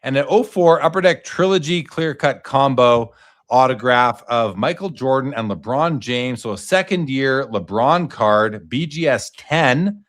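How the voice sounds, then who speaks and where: A man's voice: medium pitch, lively intonation, measured pace, fairly bright tone. Casual man hosting a live card auction. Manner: casual, reads out lot details and asks the guest questions. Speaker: host.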